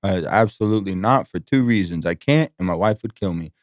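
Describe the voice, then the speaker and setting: Low-voiced man telling rambling stories. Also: animated, fairly quick, no room sound, studio quality. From Las Vegas. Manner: rambling storytelling, swears a lot, acts out quotes. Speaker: podcast guest, strip club host. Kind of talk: casual podcast chat.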